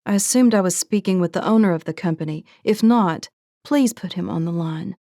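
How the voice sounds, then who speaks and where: A woman voicing a demanding, feisty young woman who owns an oil ranch, speaking in a brisk, clipped, insistent way. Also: on the low side, mellow, no echo, clean studio sound, natural voice. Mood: snappish.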